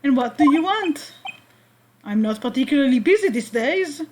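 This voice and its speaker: A woman's voice: sits high, lively intonation, moderate pace, darkish tone, a little hiss or hum. A woman with an Israeli accent voicing a pompous, blustering older male lawyer from a game. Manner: blustering, evasive and grand.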